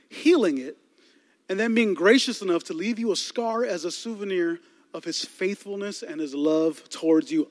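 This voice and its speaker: A man preaching a sermon as a pastor, telling comic stories with asides to the congregation. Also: high-pitched. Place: large church hall. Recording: long hall reverb.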